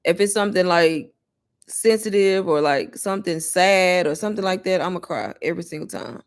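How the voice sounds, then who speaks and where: Her voice is on the low side and a little fast. She's a mom hosting a laid-back livestream Q&A, talking directly to viewers as "y'all," chatty and quick to laugh as she answers their questions.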